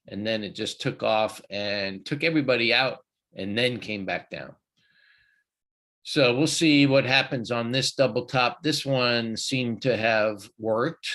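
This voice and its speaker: Guy hosting a trading stream, slow easygoing talk, bright voice. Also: fairly low pitch. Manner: folksy, chatty, loose with fillers. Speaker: trading show host. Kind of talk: live market commentary.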